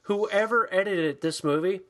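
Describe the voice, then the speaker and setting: Animated, foul-mouthed male podcast co-host. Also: high voice, measured pace. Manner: animated, profane, acts out quoted voices. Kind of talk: casual chat, movie review.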